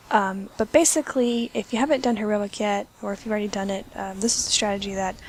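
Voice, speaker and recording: A woman's voice: medium pitch, a little mellow, a little hiss or hum, rough recording. A young woman giving a casual gameplay tip as a voice-over, chatty with lots of ums and restarts, and she has hiccups. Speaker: game video creator.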